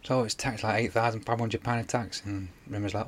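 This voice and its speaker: A man's voice: fairly low pitch, fairly even intonation, a little fast, fairly bright tone, a little hiss or hum. A man, casually retelling a TV episode on a podcast, rambling with many fillers. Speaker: podcast co-host. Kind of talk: casual chat.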